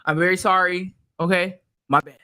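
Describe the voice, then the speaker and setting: A woman co-hosting a podcast in casual chat, trading dry, deadpan sarcastic comebacks. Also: on the low side, normal speed. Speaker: podcast co-host.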